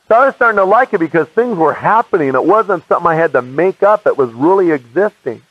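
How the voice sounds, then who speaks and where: An American man telling his personal faith testimony as an animated storyteller, acting out the voices of people he quotes. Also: sits high, fast talker, hardly any pauses, no room sound. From United States. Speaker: evangelist giving his testimony. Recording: muffled dry archive recording.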